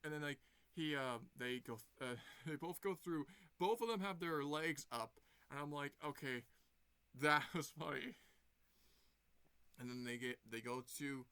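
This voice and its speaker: A man casually recapping a movie for his vlog, wandering through the story with fillers and false starts. His voice is bright and smooth and sits a little high. The sound is dry and close. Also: normal speed, no room sound. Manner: rambling, full of fillers and restarts. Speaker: movie reviewer.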